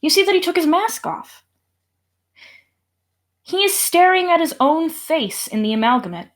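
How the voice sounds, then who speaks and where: A woman's voice: very high voice, very animated, moderate pace. A woman narrating a horror tabletop game as game master, swearing and laughing often.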